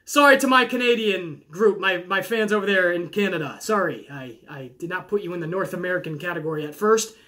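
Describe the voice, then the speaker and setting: A young man talks in a high, bright voice, hosting a loose, chatty podcast. He reads listener questions aloud and answers them with lively enthusiasm, sometimes trailing off and doubling back. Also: brisk, few pauses. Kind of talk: casual chat.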